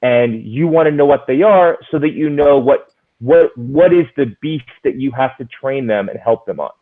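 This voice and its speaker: A man's voice: mid-range voice, normal speed. A man who is a psychologist, giving earnest advice in casual conversation and explaining with concrete examples. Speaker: psychologist, interview guest. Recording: tinny phone-like line.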